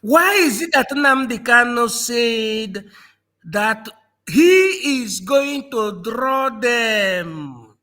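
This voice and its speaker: A man's voice: very high voice, expressive, drawn-out words, pushed and bright. A man from Nigeria in a political discussion, mocking and repeating phrases, laughing often. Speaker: panel guest.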